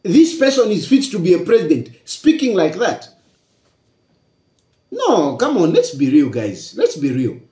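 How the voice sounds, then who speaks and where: Zambian male commentator, high animated delivery, repeats his points, echoey room. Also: measured pace. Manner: repetitive, emphatic, asks rhetorical questions. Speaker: political commentator. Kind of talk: casual political commentary.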